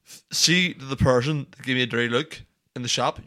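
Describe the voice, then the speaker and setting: A man's voice: medium pitch, brisk. A man with a Northern Irish accent, telling stories with acted-out quotes and plenty of swearing in casual podcast chat. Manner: animated storyteller, acts out quotes, swears freely. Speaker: podcast co-host.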